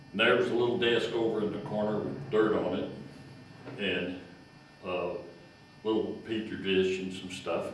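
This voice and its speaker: An elderly man in his nineties recalls his years as a county agent, telling folksy anecdotes and slipping into the voices of the people he met. His voice sits a little low. It is recorded from a distance in a very echoey room with faint background noise. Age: 90s. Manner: folksy anecdotes, acts out quoted voices, repeats words. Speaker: retired county extension agent. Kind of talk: storytelling reminiscence.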